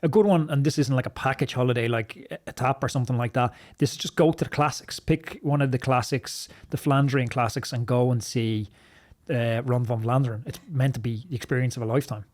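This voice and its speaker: A man's voice: mid-range voice, brisk, darkish tone. Man casually recommending cycling gear. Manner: matter-of-fact, practical recommendations. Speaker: podcast co-host. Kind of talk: casual gift-guide chat.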